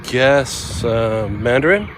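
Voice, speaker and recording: A man's voice: medium pitch, expressive, slow, noisy background. A man chatting casually on a travel live stream, giggly and self-mocking, often meowing playfully. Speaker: travel vlogger.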